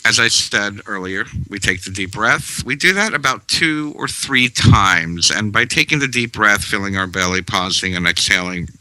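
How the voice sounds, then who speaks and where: A man giving a calm, measured spiritual talk, guiding listeners through breathing with long pauses. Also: fairly low pitch, no room sound, low-quality recording. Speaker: spiritual teacher. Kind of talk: slow meditative talk.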